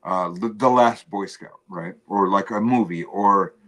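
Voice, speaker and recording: A man speaks as a guest on a casual livestream, rambling and halting as he tells a story against himself. His voice sits a little low. He stumbles and restarts as his thoughts unfold. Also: a bit bright. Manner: rambling, halting, self-deprecating.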